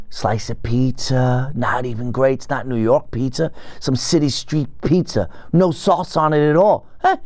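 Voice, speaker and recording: A man's voice: on the high side, dry recording, studio quality. A middle-aged man hosting a podcast, telling a self-mocking story in a casual monologue and acting out the quoted lines. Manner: animated, self-mocking, acts out quoted dialogue. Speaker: podcast host.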